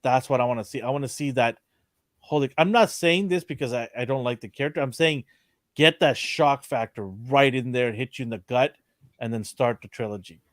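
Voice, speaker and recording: A man's voice: mid-range voice, brisk, no echo, studio quality. Opinionated man ranting in casual chat. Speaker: podcast co-host.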